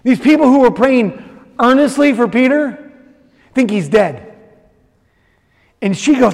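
A man's voice: extremely high pitch, lively intonation, a little slow, gravelly, pauses often, a little mellow. A man preaching a sermon, retelling a story with acted-out voices and then speaking directly to the congregation. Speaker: pastor. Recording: long reverb of a large hall.

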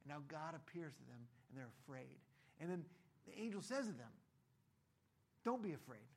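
A man with a high, husky voice preaches a sermon. He talks in a loose, conversational way and now and then slips into the voices of the people in his stories. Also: animated, a little fast. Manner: conversational, acts out voices in quotes. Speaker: pastor.

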